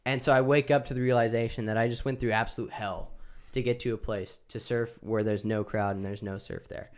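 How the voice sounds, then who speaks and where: A man's voice: mid-range voice, brisk, clean tone. A young man, a podcast co-host, telling a travel story in casual chat and acting out the people in it. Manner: animated storyteller, acts out other people's voices.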